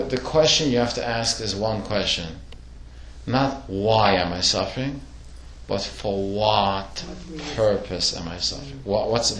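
A man's voice: mid-range voice, fairly bright tone, roomy sound. A man leading a casual religious study class, asking the group questions as he explains. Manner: questioning, conversational, asks the class. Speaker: class teacher.

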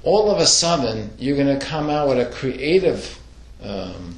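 A man's voice: mid-range voice, very animated, measured pace, echoey room. A man leading a casual religious study class, asking the group questions as he explains. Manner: questioning, conversational, asks the class. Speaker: class teacher.

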